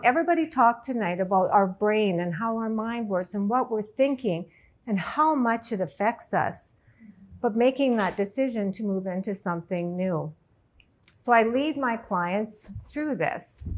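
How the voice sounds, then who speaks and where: A middle-aged woman, a life coach, telling a personal story to an audience in an emotional, halting way. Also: a little high. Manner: emotional, halting, tearful at times.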